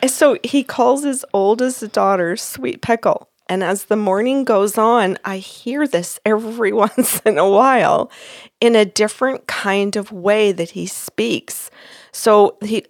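A woman's voice: medium pitch, unhurried, dry recording, clean studio sound. A woman co-hosting a podcast as a psychic medium, telling a story in a chatty, giggly, self-deprecating way. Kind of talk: casual storytelling chat.

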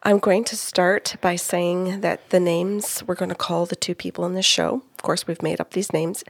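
Middle-aged woman host, gravelly, close dry mic, animated storyteller. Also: lowish voice, moderate pace, dry recording. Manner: animated, quotes spirits and clients, laughs often. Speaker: psychic medium, co-host. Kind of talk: storytelling about a reading.

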